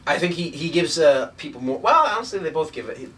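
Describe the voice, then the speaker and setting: A man's voice: a little high, animated, fast, fairly bright tone, far from the mic, a little hiss or hum. A young man from the Boston area co-hosting a podcast, joking crudely with lots of swearing. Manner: profane, crude joking banter. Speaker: podcast co-host. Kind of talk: casual chat.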